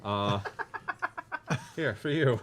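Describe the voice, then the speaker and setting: A man playing as a guest at a tabletop game, speaking wryly and in halting starts. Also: on the low side, noisy background. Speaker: guest player. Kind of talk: casual in-character chat at a game table.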